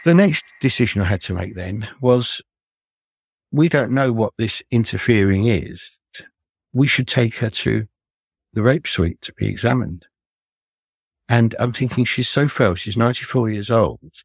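An older man, a retired police detective, recounting his cases in an earnest, measured, reflective way as a guest on a podcast. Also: mid-range voice, creaky, slightly rough, no echo.

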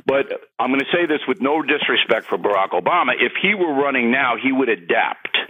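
A man's voice: mid-range voice, expressive, brisk, husky, narrow, tinny audio. A man who is an author and political commentator, talking as a guest in heated, emphatic commentary. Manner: emphatic, gets worked up, repeats for punch.

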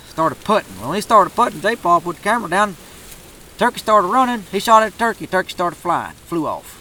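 A man's voice: fairly high pitch, pushed and bright, a little hiss or hum, low-quality recording. A man telling a turkey hunting story in a drawling, profane, laid-back way. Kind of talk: casual storytelling.

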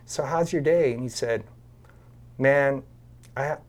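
Measured in pace and medium in pitch, a male podcast guest recounts a story over a video call. He acts out the quotes animatedly, giving each person their own voice.

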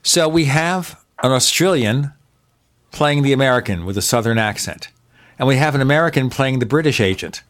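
A man's voice: mid-range voice, lively intonation, moderate pace, fairly bright tone. A man hosting a podcast in casual chat, talkative and opinionated, piling up examples. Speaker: podcast host. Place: home in Arizona.

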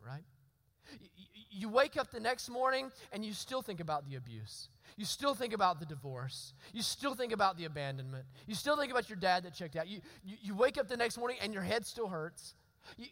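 High, bright-voiced male preacher. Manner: earnest, repeats and restarts words, asks "right?" often. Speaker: pastor. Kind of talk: sermon.

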